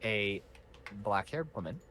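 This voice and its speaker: Slow, hesitant male game master. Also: lowish voice, expressive, sharp tone. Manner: unhurried, hesitant, lots of fillers. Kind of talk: narrating a tabletop game.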